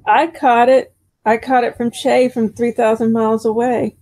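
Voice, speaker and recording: A woman's voice: a little high, flat delivery, normal speed, a little mellow, no room sound. A woman co-hosting a podcast in casual chat, joking and murmuring agreement. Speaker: podcast co-host.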